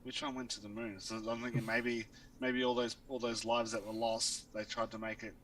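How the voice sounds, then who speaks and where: Co-host, man, gravelly and bright, lively pitch, a bit distant with faint room noise. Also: moderate pace. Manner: short, laughing interjections. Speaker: podcast co-host. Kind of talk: casual chat.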